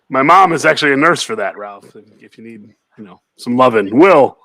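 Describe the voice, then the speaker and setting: A man's voice: medium pitch, sharp tone, no room sound. A man hosting a comedy game show, laughing often as he calls on each player by name. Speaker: host.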